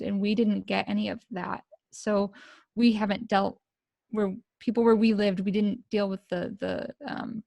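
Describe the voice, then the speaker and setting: A middle-aged woman from the United States, a podcast guest telling a personal story in an emotional, halting way with many fillers. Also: medium pitch, vocal fry, darkish tone, no room sound.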